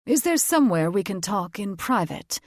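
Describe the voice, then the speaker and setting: A woman's voice: mid-range voice, very animated, moderate pace, a little mellow, dry recording, clean studio sound, lightly acted. A woman voicing a pompous, mocking male fae nobleman, a father, speaking with haughty condescension in an audiobook.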